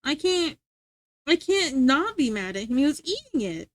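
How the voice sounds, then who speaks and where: A woman with a high, bright voice chats casually on a livestream, rambling playfully and stumbling over her words. Her sound is dry, with no room echo. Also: sing-song, moderate pace. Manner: high sing-song voice when scolding her dog. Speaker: livestreamer chatting with viewers. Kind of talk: casual stream chat.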